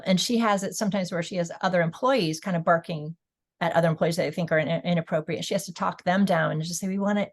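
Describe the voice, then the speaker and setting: Woman panelist giving earnest advice. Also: on the low side. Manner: earnest, advising, many fillers and restarts. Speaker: panelist, author. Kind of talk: webinar panel talk.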